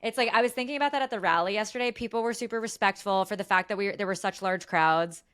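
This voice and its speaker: A woman's voice: medium pitch, fast, a bit bright, clear, resonant tone, dry recording. A young woman talks politics with a co-host in an emphatic, opinionated way. She often restarts a sentence to drive her point home. Her voice sits in the middle of the range and sounds dry and close to the mic. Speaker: podcast co-host. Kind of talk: casual political chat.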